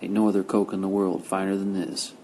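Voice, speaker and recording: A man's voice: sits low, level tone, fairly quick, mellow, slight background noise. A man reading the lines of a menacing, heavyset male crime boss who growls threats and curses.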